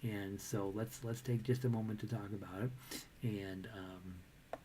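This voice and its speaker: A man's voice: lowish voice, steady tone, a little slow, warm tone, slightly rough. A man teaching a casual ukulele lesson, chatty and self-deprecating, breaking into bits of sung melody. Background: ukulele playing.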